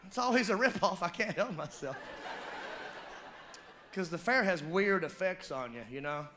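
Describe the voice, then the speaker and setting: A man with a Southern American accent performing a stand-up comedy routine, telling loud, animated stories and shouting out character voices. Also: high voice, moderate pace. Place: comedy club stage before a live audience. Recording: live club recording with crowd noise. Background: audience laughter.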